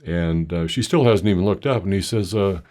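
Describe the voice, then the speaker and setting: An older man telling a meandering, self-deprecating personal story with halting restarts. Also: deep voice, a little mellow.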